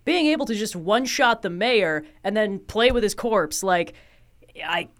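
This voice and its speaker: A woman with a middle-height voice talks through a film in casual podcast chat. She reasons aloud, thoughtful and quick to laugh. Her delivery is relaxed and conversational. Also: mid-range voice. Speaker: podcast co-host. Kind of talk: casual movie discussion chat.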